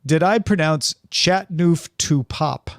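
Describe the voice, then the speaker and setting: Man podcast co-host, gravelly voice, dry close sound, joking casually. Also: on the high side, measured pace, no room sound. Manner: wry, chuckling. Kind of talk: casual chat.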